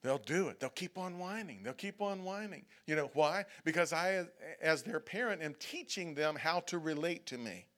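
Male pastor, slightly high voice, chatty sermon in church, keeps asking "okay?". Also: lively intonation, normal speed, few pauses, a bit bright. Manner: conversational preaching, frequent "okay?" checks, acted-out prayers and whining. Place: church sanctuary.

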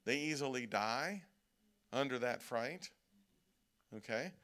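A man delivering an evening sermon in a loose, conversational way. He keeps checking in with "okay?" and slows down to lean on quoted scripture. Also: mid-range voice, animated, a bit bright. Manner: conversational preaching, frequent "okay?" check-ins, slows to stress quoted verses. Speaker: preacher. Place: church service.

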